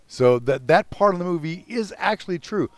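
A man's voice: high voice, lively intonation, moderate pace, no room sound. A man co-hosting a podcast in casual chat, emphatic and opinionated with frequent swearing. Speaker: podcast co-host.

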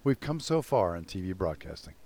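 A man's voice: sits low, big pitch swings, a little fast, darkish tone. A man co-hosting a podcast in casual chat, emphatic and opinionated with frequent swearing. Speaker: podcast co-host.

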